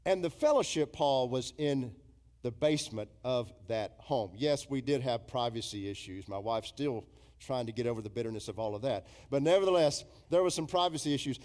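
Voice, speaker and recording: With lively intonation and a moderate pace, a middle-aged pastor preaches in a church sanctuary. His delivery is emphatic and story-driven, swinging sharply in pitch and loudness as he quotes imagined congregants.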